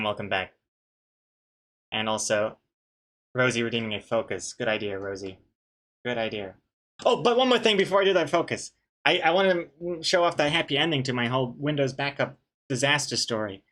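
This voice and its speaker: A man's voice: mid-range voice, fairly bright tone. A man, a webcomic artist, chatting casually on a live stream, reading chat aloud with dry, joking banter and rambling restarts.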